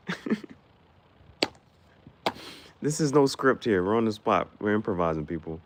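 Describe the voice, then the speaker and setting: A man casually chatting with his live-stream viewers, playful and quick to laugh as he riffs on the spot. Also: low voice, lively intonation.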